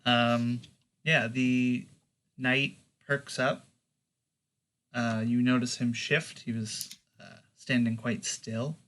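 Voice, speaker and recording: Slow-talking guy running a tabletop game, lots of ums and likes, halting. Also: medium pitch, a bit bright. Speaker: game master.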